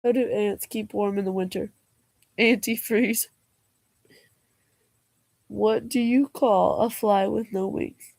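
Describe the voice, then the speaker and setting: A woman's voice: mid-range voice, fairly even intonation, slow pace, gravelly, pauses often, darkish tone, no echo. A young woman vlogger reading jokes aloud in a casual way, laughing and groaning at them and adding slangy asides.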